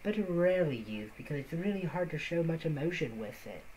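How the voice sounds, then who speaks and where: A woman streamer talking close to the mic in a deliberately quiet, monotone voice she calls her podcast voice. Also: low voice, a little hiss or hum, low-quality recording. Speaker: streamer making game music. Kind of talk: casual live-stream chat. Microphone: close to the microphone. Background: her own music track playing softly.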